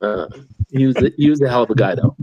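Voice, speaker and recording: A man in his sixties, a podcast co-host and retired Marine, telling animated anecdotes with frequent laughs and stammered restarts. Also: mid-range voice, fast, husky, dull audio, faint music behind. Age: 60s. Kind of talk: casual storytelling.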